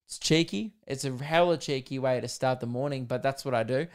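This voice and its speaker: An Australian man talks through his solo podcast in a loose, rambling, jokey way, full of fillers. His voice is smooth and clear, sitting at an ordinary middle pitch. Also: a little fast. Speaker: podcast host. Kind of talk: casual solo podcast chat.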